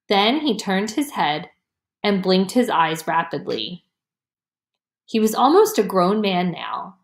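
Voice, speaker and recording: Woman reading a storybook real slow, pitch goes up and down a lot, kinda echoey room. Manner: gentle, expressive reading with lively pitch. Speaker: audiobook reader. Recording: roomy echo.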